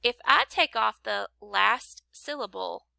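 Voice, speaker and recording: A woman's voice: on the high side, expressive, gravelly, pushed and bright, no room sound. A woman teaching a phonics lesson, patiently sounding out rhymes and syllables for young learners. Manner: slow, patient, clapping out syllables.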